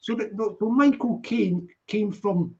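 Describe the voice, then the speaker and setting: High-voiced man, rambling and repetitive in casual talk, muffled lo-fi audio. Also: slow pace, a little mellow. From London. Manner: rambling, repeats words, says you know often. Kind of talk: casual chat on a live stream. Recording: dull lo-fi sound.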